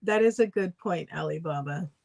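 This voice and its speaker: A woman's voice: lowish voice, normal speed, creaky, a little mellow. A woman co-hosting a livestream in casual chat, thoughtfully explaining her views at length with many fillers. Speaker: livestream co-host.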